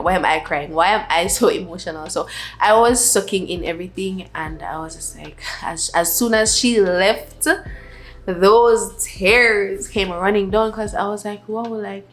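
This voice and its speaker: Soft-spoken young woman chatting casually. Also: fairly low pitch, normal speed. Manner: soft-spoken, rambling, many "like" fillers. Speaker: vlogger. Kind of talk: casual sit-down chat.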